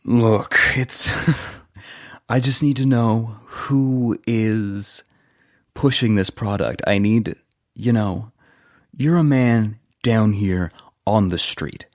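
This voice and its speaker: A man's voice: on the low side, slow pace, darkish tone, dry recording, clean studio sound. A man playing an earnest ex-saboteur. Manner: earnest, emotional, pleading. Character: weary ambitious male ex-saboteur.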